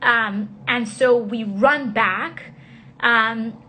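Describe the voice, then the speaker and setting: Woman lawmaker, slightly high voice, telling her story in quick, halting bursts on a phone livestream. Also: pushed and bright, slight background noise. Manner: rapid, halting retelling full of fillers and restarts. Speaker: member of Congress. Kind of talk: casual first-person recounting on a livestream.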